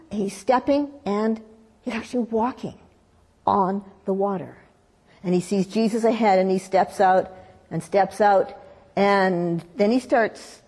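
Animated woman preaching in a reverberant hall. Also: medium pitch. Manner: animated storytelling, acts out voices in quotes. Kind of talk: sermon.

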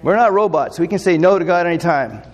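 A man's voice: high-pitched, expressive, fast talker, in a large hall, faint music behind. A man preaching a sermon in a loose, conversational way, full of fillers and rhetorical questions. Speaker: pastor.

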